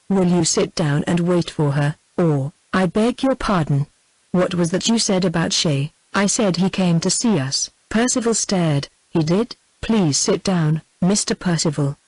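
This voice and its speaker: A synthetic woman's voice with a British English accent reads a novel aloud in an even machine delivery, sometimes speaking the word "comma". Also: lowish voice, no room sound, poor audio. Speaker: audiobook narrator. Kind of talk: synthetic text-to-speech book reading.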